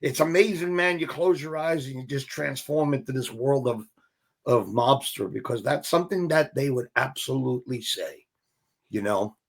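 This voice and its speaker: A man's voice: mid-range voice, moderate pace, creaky. A middle-aged man, an actor, telling stories casually in an interview and acting out the voices of people he quotes. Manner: animated, acts out quoted voices, swears casually. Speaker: actor guest.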